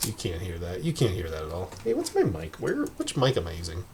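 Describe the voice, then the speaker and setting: Low-voiced man muttering over a repair. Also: huge pitch swings, fairly quick, noisy background. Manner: mutters to himself, rambling and puzzled. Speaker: streamer tinkering with a VCR. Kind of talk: casual thinking aloud while repairing. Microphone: webcam microphone.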